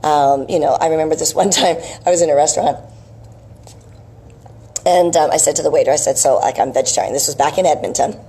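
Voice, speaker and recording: A woman's voice: low voice, steady tone, fairly quick, long pauses, dark tone, breathy edge. A woman vlogging about health, telling a rambling story in a casual, chatty way and checking in with "right?" asides.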